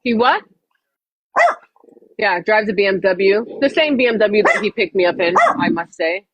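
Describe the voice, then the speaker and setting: Woman streamer, casual live chat, swears freely, very animated pitch, muffled audio. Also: normal speed, no room sound. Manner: profane, blunt and chatty. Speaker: livestreamer.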